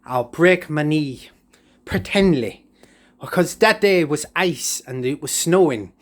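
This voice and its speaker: A man's voice: a little high, expressive, takes it slowly. A man telling a comic story, rambling and jokey with lots of fillers.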